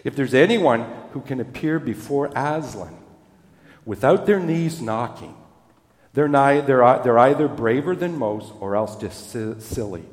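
A man's voice: mid-range voice, animated, unhurried, roomy sound, big-room sound, natural voice. A man reading aloud as a stern, motherly female beaver from a storybook.

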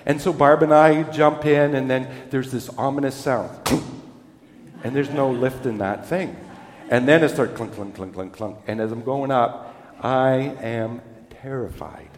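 A man's voice: medium pitch, steady tone, a little slow, roomy sound, long reverb tail. A man giving a sermon as a pastor, telling stories in a conversational, self-deprecating way.

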